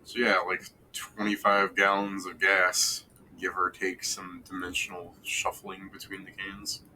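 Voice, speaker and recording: A man's voice: deep voice, monotone, unhurried, sharp tone, slight background noise, poor audio. A man running a tabletop game over voice chat, laid-back and swearing casually. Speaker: game master.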